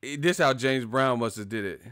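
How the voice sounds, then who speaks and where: A man hosting a video, ranting in a profane, animated, joking way. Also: mid-range voice, normal speed, clear, resonant tone, dry recording, clean studio sound. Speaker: video host. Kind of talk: casual comedic rant.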